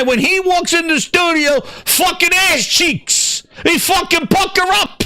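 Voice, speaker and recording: A man hosting a gaming show, ranting with constant swearing and excited repetition. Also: very high voice, slow, no room sound, clean studio sound. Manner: excitable, swears heavily, repeats himself. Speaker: podcast host. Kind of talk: profane ranting gaming commentary.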